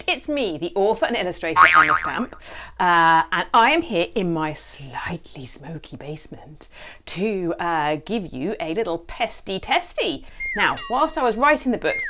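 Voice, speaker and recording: A woman hosting a playful children's quiz from her basement, joking and trying silly accents. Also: mid-range voice. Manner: animated, jokey, with mock accents and asides. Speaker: quiz host, children's author. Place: basement at home.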